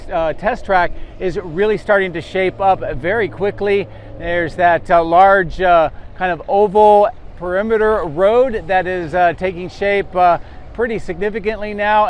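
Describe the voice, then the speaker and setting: A man with a fairly high voice narrates a drone vlog in a relaxed, casual tone. He pauses often with "uh" fillers. Faint outdoor and vehicle noise sits behind him. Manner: easygoing, many "uh" fillers. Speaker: drone vlogger.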